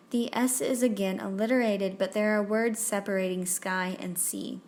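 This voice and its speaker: A young woman hosting a tutorial, reading a scripted explainer in a clear, measured way and spelling out terms one by one. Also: mid-range voice. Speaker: poetry tutorial host.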